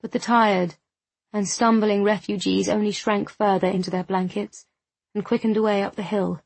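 A woman narrating an audiobook in a measured, even way. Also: mid-range voice, gravelly, no echo.

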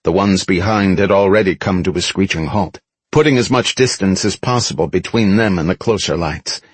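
A man narrating an action story in the first person as an audiobook, dramatic and expressive. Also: deep voice, normal speed, husky, dry recording.

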